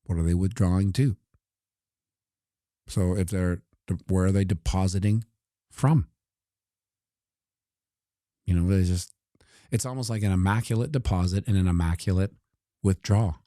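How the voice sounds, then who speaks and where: A man's voice: sits low, moderate pace, long pauses, warm tone, no room sound, clean studio sound. A man giving casual, joking commentary on crypto charts while looking things up on his computer. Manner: joking asides, talks while scrolling.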